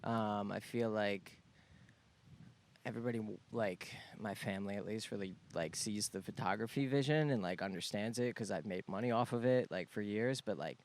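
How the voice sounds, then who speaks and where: A man's voice: lowish voice, moderate pace. A young man chatting casually as a podcast guest, laid-back and joking. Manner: laid-back, joking, slips into silly put-on accents.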